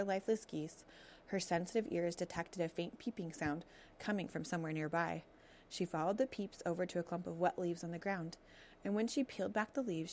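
A woman reading a children's novel aloud as narrator, telling the story in a steady, expressive way. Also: fairly low pitch, a little hiss or hum.

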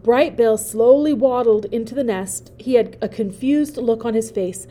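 Woman, storybook narration, gentle, expressive, mellow, slightly high. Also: a little slow. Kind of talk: reading a children's novel aloud.

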